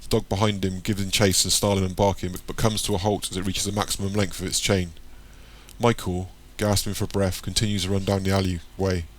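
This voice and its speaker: A man narrating an audiobook in a plain, steady reading voice. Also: low voice, fairly quick.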